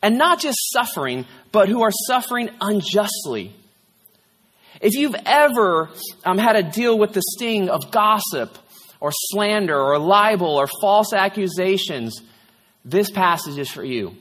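Sitting high in pitch and a bit bright, this male pastor's voice is very animated yet unhurried, carried by a long hall reverb. He preaches candidly and conversationally through a personal story, sometimes tearful, with frequent "right?".

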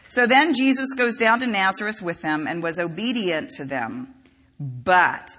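Woman pastor chatty sermon, bright breathy voice, big echoey hall. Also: lowish voice. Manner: conversational, animated storytelling with asides. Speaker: preacher. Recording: reverberant hall.

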